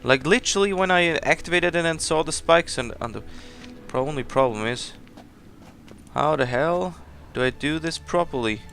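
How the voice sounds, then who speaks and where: A man's voice: fairly high pitch, lively intonation, moderate pace, creaky, a bit bright, faint music behind. A man giving casual let's play commentary as he plays, chatty and rambling, often laughing at himself. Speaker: gameplay commentator.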